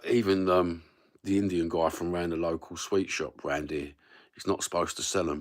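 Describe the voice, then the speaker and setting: Very deep-voiced sweary East London man. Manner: sweary, matey, slangy banter. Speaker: livestream host. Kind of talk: rambling livestream chat.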